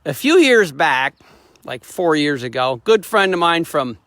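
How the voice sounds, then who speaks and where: A man's voice: a little high, sing-song, a little slow, fairly bright tone, no echo. A middle-aged man hosting a casual walkaround, telling a rambling, plain-spoken story in a folksy way. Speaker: host, tractor dealer.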